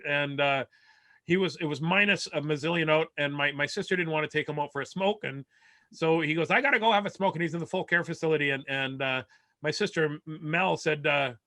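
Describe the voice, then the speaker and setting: Bright-voiced man rambling through a comic story. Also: fairly high pitch, dry recording. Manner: rambling, stammering restarts, laughs at own jokes. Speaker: comedian. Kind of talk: storytelling stand-up over video call. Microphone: video call.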